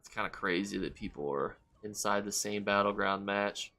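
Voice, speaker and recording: A man streaming a game live, chatting with viewers and reacting loudly and with swearing to the action. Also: lowish voice, normal speed, vocal fry, hardly any pauses. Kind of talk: live gameplay commentary.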